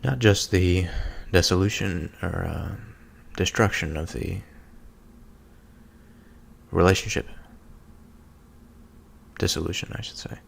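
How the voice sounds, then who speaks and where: A man with a very low, gravelly voice reads scripture and muses over it. His delivery is slow and halting, full of pauses and searching fillers, like someone thinking aloud in a quiet reflection. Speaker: solo speaker reflecting on scripture. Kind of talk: contemplative scripture reading and reflection.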